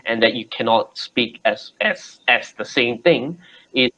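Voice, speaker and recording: A man's voice: medium pitch, a little slow, a crowd in the background, rough recording. A man tutoring English over a video call, explaining patiently with examples and frequent restarts. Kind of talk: casual video call lesson.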